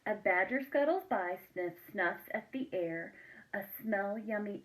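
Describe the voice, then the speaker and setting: A woman reading a children's picture book aloud, expressive and asking her listeners questions. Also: medium pitch, a little slow, poor audio.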